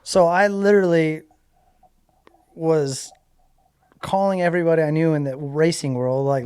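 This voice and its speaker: A man's voice: a little high, fairly even intonation, normal speed, a little mellow, clear, resonant tone. A man casually telling a personal story as a guest, rambling with lots of "like" and "you know". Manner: rambling, filler-heavy retelling with lots of "like".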